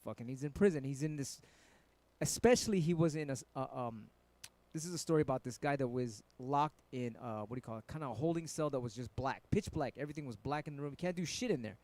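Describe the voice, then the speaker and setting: A man's voice: on the high side, a little fast, a little mellow, no echo. A middle-aged man from San Francisco, chatting casually with viewers on his live stream and telling rambling stories full of swearing. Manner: laid-back, profane, rambling storytelling. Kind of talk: casual livestream chat with viewers.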